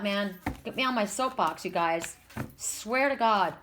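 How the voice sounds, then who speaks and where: A woman's voice: medium pitch, a little slow, fairly bright tone, slight background noise. Impassioned woman giving a tarot reading. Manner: impassioned, talks straight to viewers, repeats words. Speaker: tarot card reader. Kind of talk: spiritual card reading monologue.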